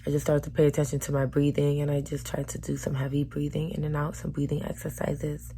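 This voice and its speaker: A woman's voice: low-pitched, completely flat delivery, fast talker, mellow, a little hiss or hum. A woman vlogger talking frankly and emotionally into the camera, with casual slang and swearing. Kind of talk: candid personal vlog talk.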